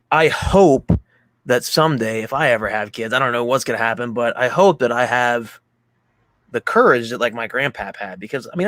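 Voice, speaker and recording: A man's voice: mid-range voice, fairly bright tone, no room sound, clean studio sound. A man from Pennsylvania co-hosting a casual movie chat, rambling through a heartfelt story with many fillers. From Pennsylvania, USA. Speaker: podcast co-host.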